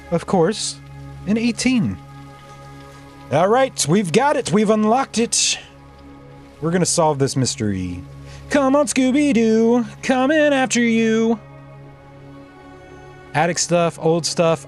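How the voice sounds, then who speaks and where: A man's voice: on the high side, darkish tone. A man streaming a live game playthrough, reading the dialogue aloud in a playful, jokey way.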